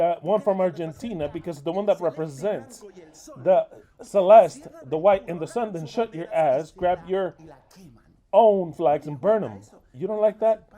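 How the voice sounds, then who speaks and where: High-voiced man interpreting a sermon, scolding. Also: dark tone. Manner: crude, scolding and emphatic. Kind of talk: English voice-over interpretation of a sermon.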